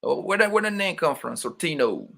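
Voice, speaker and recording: A man's voice: a little high, big pitch swings, brisk, gravelly, a bit bright. A man with hosting a casual livestream, greeting viewers by name and teasing them in loose slangy banter. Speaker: livestream host. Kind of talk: casual livestream chat, reading viewer names.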